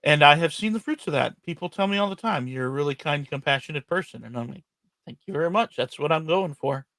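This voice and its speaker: A man's voice: on the high side, expressive, quick pace, fairly bright tone, no echo. A man, a guest in a casual live-streamed interview, speaking earnestly and reflectively. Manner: earnest, reflective, speaks openly about faith. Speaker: podcast guest. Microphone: remote live-stream call.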